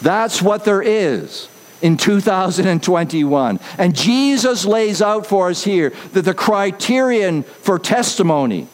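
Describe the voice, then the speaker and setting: Emphatic male preacher with a lively voice. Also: high voice, a little slow, in a large hall. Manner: emphatic, repeats key phrases for stress. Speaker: pastor. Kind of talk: sermon.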